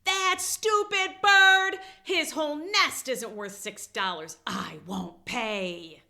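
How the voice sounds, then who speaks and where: A woman voicing a grumpy, excitable male cartoon beagle who shrieks indignant outbursts. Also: extremely high pitch, measured pace, pitched above the performer's own voice, full character voice. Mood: outraged.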